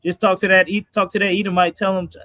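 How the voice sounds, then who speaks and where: A man chats in a relaxed, slangy way, joking as he goes. His voice sits a little high. The sound is dry and close. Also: fast, no room sound. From United States. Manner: laid-back, laughing, slangy. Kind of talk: casual chat.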